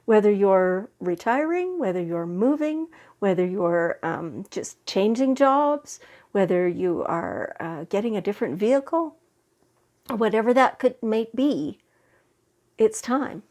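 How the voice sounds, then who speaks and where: A woman speaks slowly and gently, guiding listeners through a spiritual card reading with soft reassurance. She is getting over a head cold, and her pitch sits in a middle range. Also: big pitch swings. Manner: slow, gentle, reassuring with fillers and restarts. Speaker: tarot and oracle card reader.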